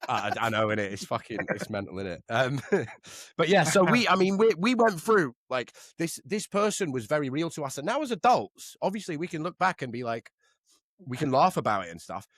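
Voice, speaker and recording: A man co-hosting a podcast, trading animated, sweary banter in casual chat. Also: on the high side, a little fast, no room sound, studio quality. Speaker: podcast co-host.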